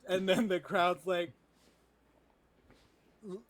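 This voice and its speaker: A man's voice: high voice, steady tone, slow, poor audio. A man narrating a tabletop game as dungeon master in a chatty, loose way over a video call. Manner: chatty, loose, many "like" fillers.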